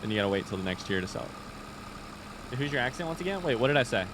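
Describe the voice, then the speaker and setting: A man's voice: medium pitch, sing-song, fast talker, noisy background. A young man with an Indiana accent, casually thinking aloud and chatting with viewers while streaming a game. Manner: thinks aloud, reads chat, chatty and easygoing. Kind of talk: casual live-stream chat while gaming.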